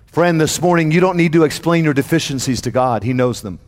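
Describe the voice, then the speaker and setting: A man's voice: on the high side, fairly quick, in a large hall. A man preaching a sermon to his congregation, with a dramatic call-and-response cadence. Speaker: pastor.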